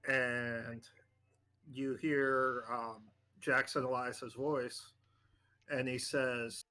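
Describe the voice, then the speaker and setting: A man acting as game master, narrating a tabletop horror game in a halting way with many fillers. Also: mid-range voice, little pitch movement, sharp tone.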